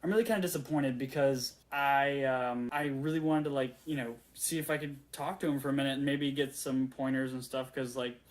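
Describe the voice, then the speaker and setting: A man in his late twenties telling a story in a rambling, excitable way, full of fillers and restarts. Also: mid-range voice, a little fast, hardly any pauses. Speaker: vlogger. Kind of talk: casual storytelling rant.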